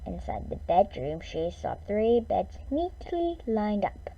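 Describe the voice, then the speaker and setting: Woman reading a bedtime story, slow and lively in pitch, mellow tone, muffled recording. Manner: expressive, drawn-out reading. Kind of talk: storybook read-aloud.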